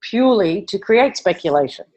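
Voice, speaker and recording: Female co-host, mid pitch, blunt and animated, casual swearing. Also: normal speed, lo-fi sound. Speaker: podcast co-host. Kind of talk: casual live show chat.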